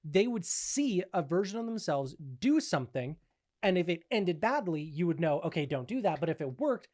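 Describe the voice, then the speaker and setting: A man co-hosting a podcast, talking in a casual, animated way, laughing often and swearing while he explains a topic. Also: sits high, normal speed, dry recording, studio quality. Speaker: podcast co-host presenting the topic.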